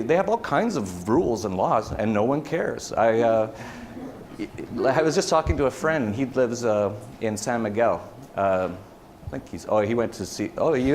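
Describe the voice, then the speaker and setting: A man's voice: on the low side, slight background noise. A man giving a casual conference talk, rambling with many fillers and restarts. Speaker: conference speaker. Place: conference hall.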